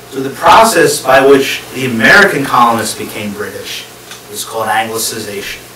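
Pushed and bright, this medium-pitched male voice belongs to a guest lecturer giving a history talk before a live crowd. He walks through points one at a time and asks the audience questions. Audio is captured from afar in a reverberant room with slight hiss.

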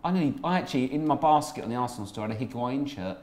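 A man's voice: medium pitch, lively intonation, rapid-fire, darkish tone. A teasing man bantering over a video game. His mid-height voice swings up and down a lot as he jokes and laughs. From South East London. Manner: teasing, laughs often, chatty. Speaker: comedian and channel host. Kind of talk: casual banter while playing a video game.

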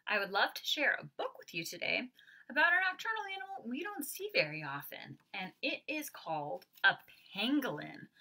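A woman leading a children's storytime as a librarian. She talks in a sing-song voice, invites the kids to join in, and uses playful animal sounds and hushed asides. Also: a little high. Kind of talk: family storytime with songs and rhymes.

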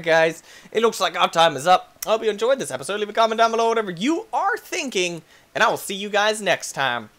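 A young man giving excitable let's-play commentary as a gaming YouTuber, yelping and shrieking when things go wrong. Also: sits high, fast, hardly any pauses. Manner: excitable, yelps and shrieks at in-game deaths.

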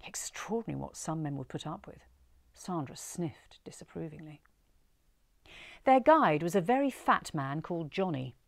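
A woman reading a story aloud in an expressive, measured way. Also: fairly low pitch, no room sound, studio quality.

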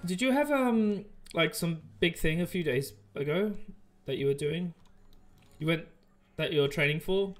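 Man hosting a live stream, slightly high voice, joking, rambling, faint music behind. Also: lively intonation, moderate pace. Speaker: livestream host. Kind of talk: casual live-stream chat.

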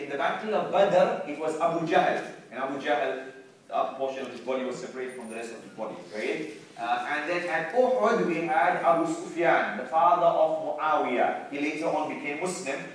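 A man, an Islamic teacher, giving a lively classroom lecture, often questioning his students and calling out key lines. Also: on the high side, normal speed. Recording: echoey room, distant mic.

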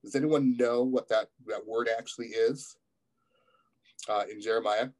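A man's voice: mid-range voice, fairly even intonation, moderate pace, a little mellow, low-quality recording. A man preaching a guest sermon in a church, reading scripture aloud and asking the congregation questions between hesitant, filler-heavy stretches. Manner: many fillers and restarts, asks the congregation questions.

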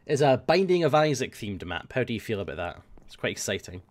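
A man's voice: medium pitch, sing-song, fast. A man hosting a gaming video, chatting in a rambling, jokey way. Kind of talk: casual gaming chat.

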